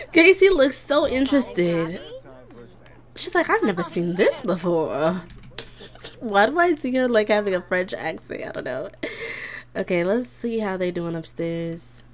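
Her voice sits in the mid range, very animated but unhurried. A young gaming YouTuber, she plays a life-sim game and chats casually, giggling often as she reacts to her characters.

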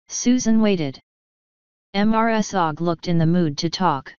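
A woman reading an audiobook in a calm, measured narration. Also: lowish voice, smooth, no echo. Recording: dull lo-fi audio.

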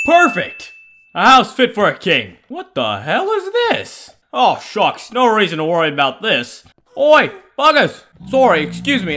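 A young man doing over-the-top comedy gaming commentary, frantic and often yelling. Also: very high voice, slight background noise. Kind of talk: parody let's play commentary.

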